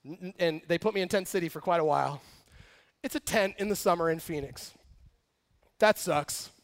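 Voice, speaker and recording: A young man preaching a casual, lively sermon, joking and acting out quotes as he tells a story. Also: a little high, normal speed. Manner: animated, jokey storytelling with acted quotes. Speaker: pastor.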